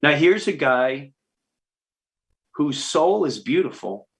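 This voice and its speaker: A middle-aged man, a comedian guest, telling stories in a podcast interview and acting out the people he quotes with big pitch jumps. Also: lively intonation, slow pace, fairly bright tone.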